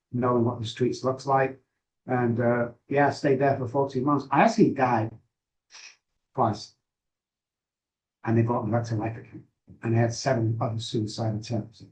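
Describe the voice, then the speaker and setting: A middle-aged man speaks as an interview guest, and his voice sits at an ordinary mid pitch. He tells his story frankly and haltingly, pausing and restarting his sentences. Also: a little mellow, rough recording. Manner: candid, halting, with frequent pauses and restarts. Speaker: guest, addiction recovery expert.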